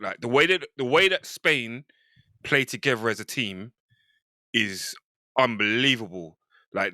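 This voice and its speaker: A man's voice: medium pitch, bright, forceful tone, dry recording, studio quality. A man on a football podcast panel, enthusiastic and rambling as he talks through a match. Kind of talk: casual football chat.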